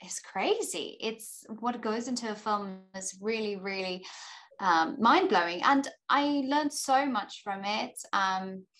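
A young adult woman with a South African accent talks easily in a casual interview, pitched in the middle range. She speaks freely, often stopping to add "you know" while she gathers her thoughts. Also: slow pace, fairly bright tone. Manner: chatty, frequent "you know" fillers. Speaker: actor and filmmaker guest.

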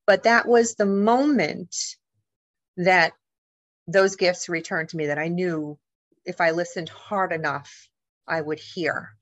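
Lowish, dry-voiced woman telling a story. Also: slow pace, no room sound, lo-fi sound. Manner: animated, emotional storytelling with quoted voices. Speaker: guest, author and paranormal investigator. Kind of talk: storytelling in a podcast interview.

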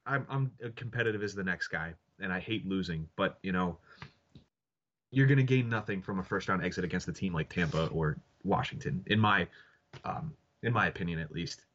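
A man's voice: deep voice, a little fast, a bit bright, lo-fi sound. A man co-hosting a casual sports podcast, talking in an opinionated way with lots of fillers. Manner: opinionated, hedging with frequent fillers. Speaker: podcast co-host.

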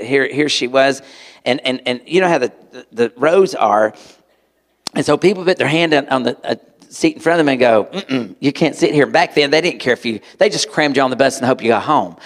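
A man preaching to a live audience, telling a personal story in an animated way and acting out voices. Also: medium pitch, fairly quick. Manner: animated, acts out voices, sudden loud outbursts. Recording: long hall reverb.

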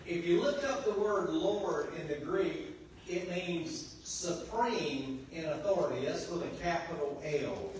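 Pastor preaching in a very echoey hall. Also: male voice, fairly high pitch, lively intonation, measured pace, distant mic, a little hiss or hum. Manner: preaching with call-and-response, swinging between quiet and loud passages. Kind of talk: sermon. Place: church sanctuary. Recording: very echoey church hall, voice from afar.

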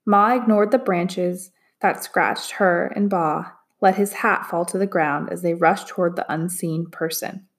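A woman narrating a chapter book aloud in a measured, expressive reading. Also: lowish voice. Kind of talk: storybook read-aloud narration.

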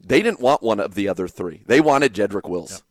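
A man co-hosting a sports talk show, talking in a steady, conversational way and backing up his co-host with short agreements. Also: lowish voice, normal speed, no room sound.

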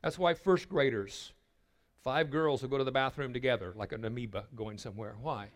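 An older man preaches at a retreat in a voice of ordinary pitch. He tells stories in a sermon style, repeating words as he gets going. He drops to a soft hush in tender moments. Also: fairly quick. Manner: storytelling, dropping to a hushed voice for tender moments; repeats words when starting a thought. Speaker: retreat speaker.

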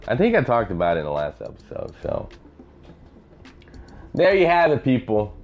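A man's voice: lowish voice, dull audio. A man hosting a podcast, telling profane stories in a rambling, casual monologue. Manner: profane, rambling storyteller, acts out voices. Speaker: podcast host.

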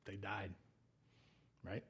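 A pastor giving a sermon in a church, throwing out questions to the congregation and acting out the people in the story, swinging from loud emphatic lines down to soft, low asides. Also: male voice, little pitch movement, drawn-out words, gravelly, breathy edge. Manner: acts out voices of people in the story.

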